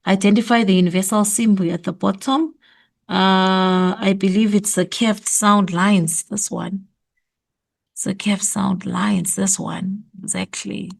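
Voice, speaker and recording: A woman with a South African accent takes a class through an exam memo. She speaks slowly, and her voice has a gravelly, creaky edge. She thinks aloud and repeats her answers. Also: mid-range voice, steady tone. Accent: South African English. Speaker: teacher going over exam memo. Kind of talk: exam revision lesson.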